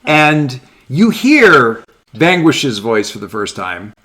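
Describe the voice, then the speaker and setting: A man running a tabletop game as game master, chatty and hesitant, with many pauses and ums. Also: medium pitch, very animated, fairly bright tone. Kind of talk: narrating a tabletop game session.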